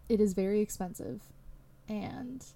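Young woman doing a solo podcast, soft warm voice, just rambling honestly w/ tons of likes and ums. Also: medium pitch, a little slow. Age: young adult. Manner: candid, rambling, full of "like" and "um". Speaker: podcast host.

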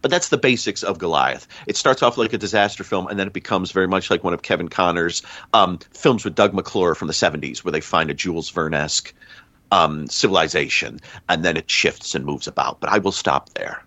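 A man's voice: deep voice, fairly quick, sharp tone, no room sound. A man on a podcast giving a casual, rambling plot recap, often stopping to correct himself. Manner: rambling, self-correcting storyteller. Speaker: podcast panelist.

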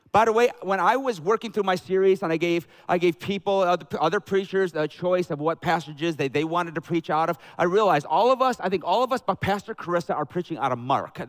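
Southern pastor guy, highish voice, funny animated sermon to the church. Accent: Southern American. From American South. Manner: jokey, animated storytelling with bursts of loud excitement. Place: church sanctuary with a congregation.

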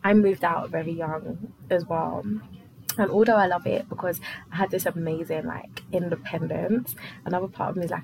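A young adult woman from London, hosting her own podcast in a rambling, casual solo chat full of fillers and quick laughs. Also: on the low side, fairly even intonation, creaky, background noise. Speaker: podcast host.

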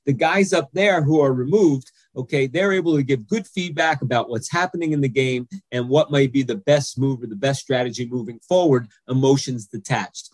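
A man in a podcast interview lays out an anger control technique step by step, pausing often to ask "okay?". His voice is mid-pitched, recorded close and dry with no room sound. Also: no echo. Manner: explains step by step, frequent "okay?" check-ins. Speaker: anger management coach and author.

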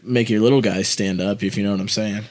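A man with a fairly low voice joins a relaxed podcast chat among friends. He cracks jokes and jumps in with short asides to keep the story going. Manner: joking, eggs the story on with quick asides. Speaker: podcast co-host. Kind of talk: casual chat.

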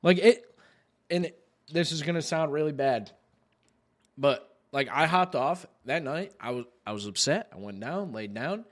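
A man with a somewhat high voice talks on his podcast in a loose, rambling way. He swears constantly and leans on fillers. He slips into lively impressions of his friends as he tells the story. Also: normal speed. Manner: rambling and heavy on profanity, with lots of "like" fillers; animated, re-enacts others in quoted asides. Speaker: podcast host.

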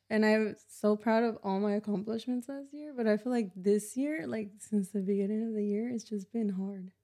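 A woman's voice: mid-range voice, dark tone. A young woman who is a podcast guest, speaking hesitantly with many fillers in casual chat.

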